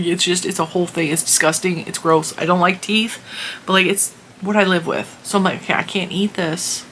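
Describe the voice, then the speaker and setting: A middle-aged woman, a crafting channel host, telling a story in a casual, animated and exasperated way. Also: on the low side, a little hiss or hum. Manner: animated, exasperated retelling with laughs.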